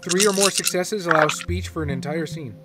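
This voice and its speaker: A man's voice: on the high side, over loud music. Man running a horror tabletop game. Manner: brisk, matter-of-fact rules calls mixed with vivid scene narration. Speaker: game master.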